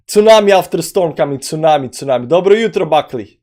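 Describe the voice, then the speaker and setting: Slightly high-voiced rambling male streamer. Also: a little fast, hardly any pauses, darkish tone. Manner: loose and rambling, many fillers, greets chat viewers; non-native English phrasing. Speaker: crypto trading live-streamer. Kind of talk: casual live stream, chatting and chart analysis.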